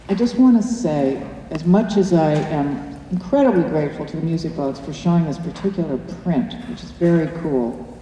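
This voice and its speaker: An older woman tells chatty stories at a cinema Q&A, laughing often. Her low, mellow voice is picked up from far off. It rings through a big echoey hall with faint room noise. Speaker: actress answering audience questions. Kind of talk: post-screening Q&A. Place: cinema auditorium.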